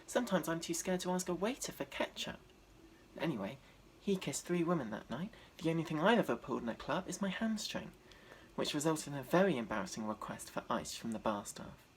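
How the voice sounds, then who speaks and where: A man, doing a deadpan, self-deprecating stand-up set. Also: on the high side, brisk, slight background noise. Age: 20s. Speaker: stand-up comedian.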